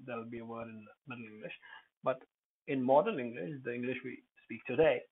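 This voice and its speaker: A man talks through an English pronunciation lesson, sounding out words and wandering into side remarks with frequent pauses. His voice sits at an ordinary middle pitch. The sound is thin and narrow, like a phone line. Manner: digressive, with many pauses and fillers.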